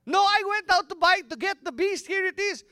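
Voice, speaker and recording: A man's voice: very high voice, moderate pace, sharp tone, no echo, studio quality, voice pushed up, heavily acted. A man voicing a grown son who has been cheated of his blessing, in a retold scripture story. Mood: pleading. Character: wronged grown son, grieving and pleading.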